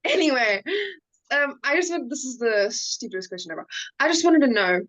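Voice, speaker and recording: A woman's voice: a little high, very animated, a little fast, fairly bright tone, lo-fi sound. A woman learning English, who chats in a self-mocking way full of "like" and "um" over a video call mic. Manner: chatty, self-mocking, lots of "like" and "um". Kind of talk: casual online group chat.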